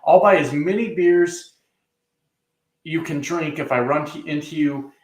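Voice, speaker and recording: A man's voice: fairly high pitch, a little slow. Trucker guy rambling and cussing through chat on a stream, roomy echo. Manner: profane, joking, rambling with many fillers. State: coughing a little. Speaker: trucker reading live chat. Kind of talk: casual livestream chat.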